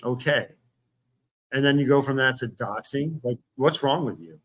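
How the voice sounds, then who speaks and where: A man's voice: medium pitch, normal speed, a bit bright. A man arguing over the phone, exasperated and repetitive, swearing as he insists on what happened. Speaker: streamer. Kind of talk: heated one-sided phone argument.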